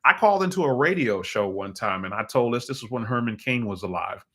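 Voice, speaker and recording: Animated, opinionated man on a live stream. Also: mid-range voice, brisk, husky. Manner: animated, opinionated, rambling with restarts and chuckles. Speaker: host of a live call-in stream. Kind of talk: casual political commentary on a live stream. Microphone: desk microphone.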